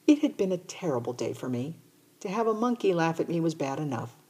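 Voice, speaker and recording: A woman reading a children's novel aloud in a steady first-person narration. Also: low voice, brisk, husky. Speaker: audiobook reader. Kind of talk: storybook narration.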